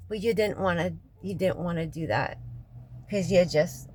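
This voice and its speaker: A distraught woman rants in a raw, profane personal vlog, crying as she talks. Her voice sits a little low for a woman and often drops to a hushed, heavy murmur. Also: moderate pace, a little hiss or hum, poor audio. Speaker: local resident venting after a city meeting. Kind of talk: emotional personal vlog rant.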